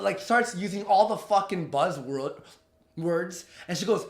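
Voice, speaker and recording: A man's voice: high voice, unhurried, roomy sound. A young man vlogging a heated, profane storytime, acting out the people he quotes. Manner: heated, profane, animated retelling with quoted dialogue. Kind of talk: ranting storytime.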